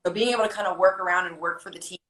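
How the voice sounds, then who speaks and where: A woman softball player chatting casually and asking friendly, curious questions. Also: lowish voice, steady tone, rapid-fire, poor audio. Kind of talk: casual chat.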